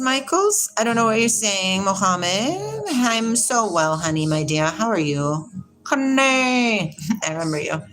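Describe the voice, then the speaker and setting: A woman's voice: medium pitch, a bit bright, rough recording. A woman hosting a casual livestream, chatting and reading viewer comments aloud, laughing often and greeting people by name. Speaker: livestream host.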